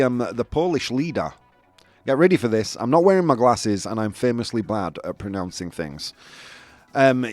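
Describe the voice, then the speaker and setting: Guy hosting a live stream, super lively up-and-down voice, dry close sound, faint music in the back. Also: mid-range voice, dry recording. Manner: chatty, self-mocking, reads out chat messages. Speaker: live-stream show host. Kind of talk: casual live-stream chat.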